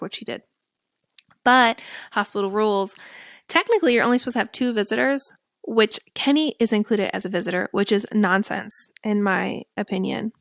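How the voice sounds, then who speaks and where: A young woman co-hosting a podcast, telling a personal story in a candid, conversational way. Her voice sits at a middle pitch and jumps up when she acts out what she said. The sound is dry and close, with no room echo. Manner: lively, candid, quotes herself in animated bursts. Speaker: podcast co-host.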